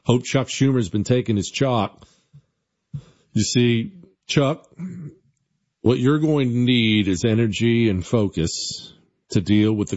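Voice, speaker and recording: A man hosting a talk radio show, mocking his targets sarcastically and then selling a supplement with loud sales patter. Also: on the low side. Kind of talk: opinionated talk radio with live ad reads. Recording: dull lo-fi radio audio.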